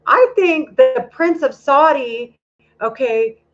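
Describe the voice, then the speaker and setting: In a muffled, lo-fi recording, a woman vlogger delivers a casual monologue that rambles and runs heated, with a lot of swearing. Her voice is high-pitched and her pace slow.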